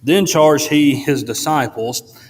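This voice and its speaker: A man preaching a sermon in a church, pausing often with "uh" between phrases. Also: on the high side. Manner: halting, fills pauses with frequent "uh". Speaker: pastor. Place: church sanctuary. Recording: long church reverb.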